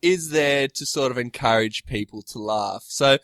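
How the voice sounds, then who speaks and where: A man's voice: medium pitch, moderate pace, fairly bright tone, dry recording. A young man hosting a podcast in casual, joking chat, giggly and crude. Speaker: podcast host.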